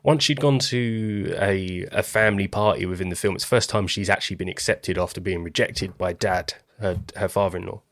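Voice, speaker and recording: A man co-hosting a podcast, retelling film scenes with wry, deadpan humor in casual chat. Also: deep voice, brisk, few pauses, no echo, studio quality. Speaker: podcast co-host.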